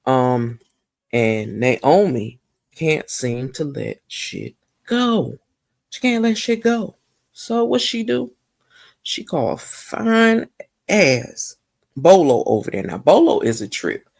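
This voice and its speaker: Woman, gravelly fry, lively swooping pitch, gossipy TV recap vlogger, chatty to viewers. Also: takes it slowly, no echo, clean studio sound. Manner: animated, gossipy, addresses viewers directly. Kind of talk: casual episode recap.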